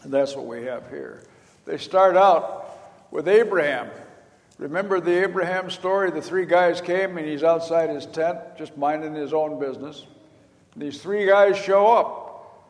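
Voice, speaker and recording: An older man preaching in a folksy, storytelling way, slipping into the voices of the people in his story. His voice sits a little higher than most men's. The sound carries a long reverb, as in a large hall. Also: unhurried. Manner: folksy storytelling, acting out quoted lines. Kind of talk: sermon.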